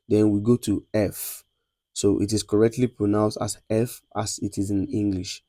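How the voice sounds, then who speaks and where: A man with a Nigerian accent teaching a beginners' lesson, repeating sounds slowly and checking that students follow. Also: fairly low pitch, steady tone, warm tone, dry recording. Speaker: lecturer. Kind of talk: classroom lesson on French letters.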